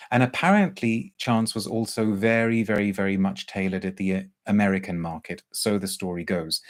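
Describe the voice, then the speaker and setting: A man's voice: on the low side, a little mellow. A man hosting a live perfume review, chatting casually, hesitating often and reading out viewer comments. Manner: chatty, hesitant, full of ums and restarts. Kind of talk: casual live-stream chat.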